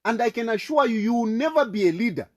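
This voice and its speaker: A man's voice: very high voice, expressive, fast. A man with a Zambian accent delivering an impassioned, repetitive political rant, accusing and fervent. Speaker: political commentator.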